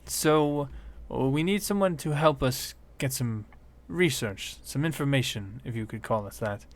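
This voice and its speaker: A man's voice: medium pitch, lively intonation, measured pace. A man voicing a small red-headed woman gnome scientist who talks in a flustered, exasperated way. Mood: pleading.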